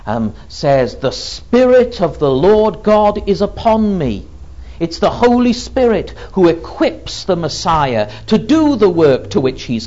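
Male preacher, sermon, unhurried and deliberate, lively rises and falls, muffled lo-fi recording. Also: sits high. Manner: slow and deliberate, with rhetorical questions. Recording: dull lo-fi recording.

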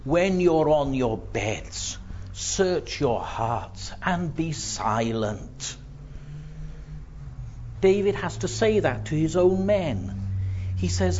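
A man preaching a sermon in a slow, earnest way, often dropping to a hushed voice as he quotes. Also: on the high side, sing-song, slight background noise. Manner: slow, earnest, voice drops to near-whisper when quoting. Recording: dull lo-fi recording.

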